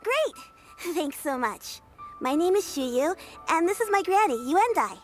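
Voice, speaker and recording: A woman's voice: very high-pitched, big pitch swings, a little slow, faint music behind, heavily acted. A woman voicing a cheerful, polite young woman in a game who looks after her grandmother. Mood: friendly. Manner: friendly, polite, slightly weary. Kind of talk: game voice acting.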